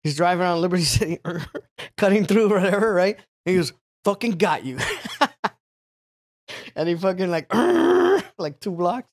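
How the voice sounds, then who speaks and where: High-voiced man telling a rambling story. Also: moderate pace, pauses often. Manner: rambling, profane, animated storytelling with frequent fillers. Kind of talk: casual chat.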